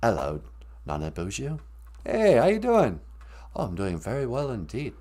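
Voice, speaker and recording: A man voicing the ghost of a famous male rock singer in a low, quiet, refined, polite drawl. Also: wildly swooping pitch, moderate pace. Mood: genteel.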